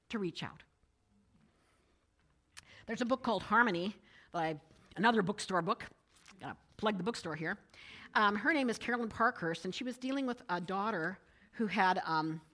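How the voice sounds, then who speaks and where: Middle-aged woman speaker, bright and expressive, talk to a live audience. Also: mid-range voice. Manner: lively storytelling, rising with excitement in anecdotes. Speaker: speaker giving a talk to a group.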